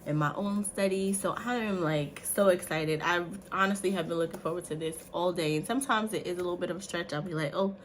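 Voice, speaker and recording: A woman in her thirties chats to her viewers, lively and full of asides. Her voice sits on the low side for a woman. A faint hiss runs under the recording. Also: fast, few pauses. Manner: chatty, animated, says "y'all" and "like" often. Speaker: vlogger. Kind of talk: casual talk to camera.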